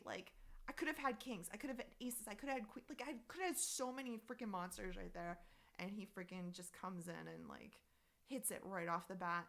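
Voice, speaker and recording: A woman streaming live and chatting casually about her poker sessions, with a bright, forceful tone. Her voice has a gravelly, fry-laden edge. She talks in an animated, exasperated way and swears freely. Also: a little high. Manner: reads out and answers viewer chat messages.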